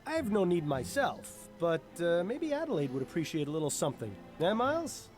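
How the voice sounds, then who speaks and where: A wisecracking detective partner. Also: male voice, sits high, big pitch swings, fairly quick, faint music behind. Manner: wry, jokey. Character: joking, easygoing male detective partner. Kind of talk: voiced game dialogue.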